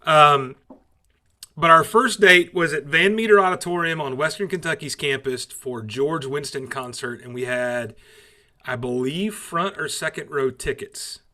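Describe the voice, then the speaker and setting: A man's voice: fairly high pitch, unhurried, sharp tone. A middle-aged man with a Southern accent, co-hosting a casual chat and telling stories with a teasing, joking manner. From Southern United States. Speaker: co-host.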